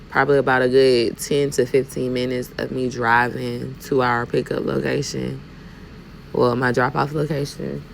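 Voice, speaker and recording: Gravelly Southern woman vlogging from her truck. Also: rumbling low, slight background noise, rough recording. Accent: Southern US, Alabama. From Alabama, US. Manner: talkative, sassy, addresses viewers as y'all. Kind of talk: casual chatty vlog while driving. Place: inside a truck cab while driving.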